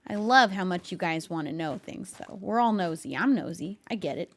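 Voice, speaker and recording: A woman's voice: lowish voice, lively intonation, normal speed. A woman streamer chatting casually with her live viewers, laughing often and talking to her cat between thoughts.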